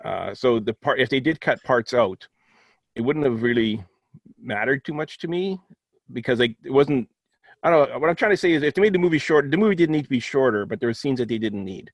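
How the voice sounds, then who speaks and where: A man of middle pitch talks through a film review in a loose, rambling way, often restarting his sentences. His voice is recorded close and dry, with no room echo. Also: animated, fairly quick. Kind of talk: casual film review chat.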